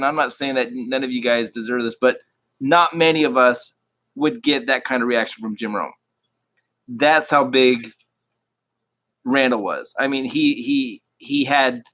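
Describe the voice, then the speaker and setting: Bright-voiced male host, halting and casual. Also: medium pitch. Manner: halting, restarts often. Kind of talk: casual chat.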